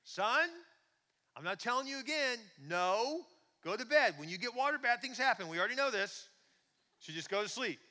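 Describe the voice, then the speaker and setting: A man voicing a stern, exasperated father who yells upstairs to send his son to bed. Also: extremely high pitch, expressive, normal speed, voice pushed up, heavily acted. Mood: exasperated scolding. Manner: stern, loud, scolding. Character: exasperated dad yelling upstairs at bedtime. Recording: long hall reverb.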